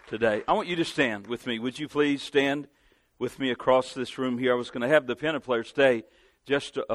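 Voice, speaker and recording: A man's voice: mid-range voice, no echo. Southern US male guest preacher, earnest, calls for amens, dry sound. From Southern United States. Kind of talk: sermon. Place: church sanctuary.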